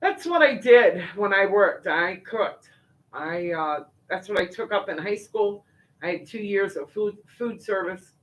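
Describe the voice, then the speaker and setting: Older woman, livestream host, loose folksy chat, lots of fillers and asides, mid-pitched voice. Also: animated, measured pace, poor audio. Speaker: livestream host reading viewer comments. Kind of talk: casual chat.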